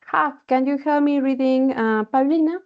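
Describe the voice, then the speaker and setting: A woman's voice: sits high, normal speed. Woman teaching, checking in with "okay?". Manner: explains patiently, often checking with "okay?". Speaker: English teacher. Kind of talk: online class instruction. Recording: dull lo-fi call audio.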